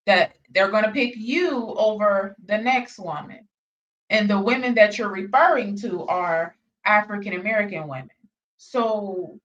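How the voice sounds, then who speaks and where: A woman's voice: medium pitch, fairly bright tone. A challenging woman reaction host. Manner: challenging, repetitive questioning. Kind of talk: reaction commentary. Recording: dull sound, distant from mic.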